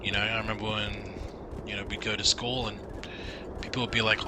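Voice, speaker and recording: A man's voice: fairly low pitch, little pitch movement, fast, background noise. Rambling Australian man streaming a game. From Queensland, Australia. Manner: rambling, chatty, sarcastic asides. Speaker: gaming streamer. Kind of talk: casual chat over gameplay. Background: game music.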